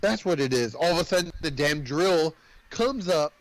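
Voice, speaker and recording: A man with a slightly high voice, talking fast and loose as he recaps a movie on a podcast, swearing freely. The sound is dry and close, with no room in it. He keeps the story rolling with run-on energy. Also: no echo, rough recording. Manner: animated, profane storytelling. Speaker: podcast co-host. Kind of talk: casual movie recap chat.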